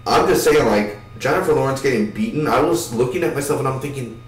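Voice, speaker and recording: A man giving a rambling, casual spoken film review, swearing now and then and acting out scenes in quick voices. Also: medium pitch, animated, echoey room, far from the mic, slight background noise, rough recording.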